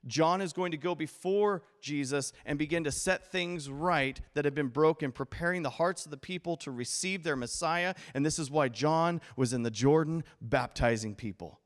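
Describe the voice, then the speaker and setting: Animated male pastor preaching in a reverberant hall. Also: mid-range voice. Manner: animated, acts out quoted voices with humor. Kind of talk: sermon.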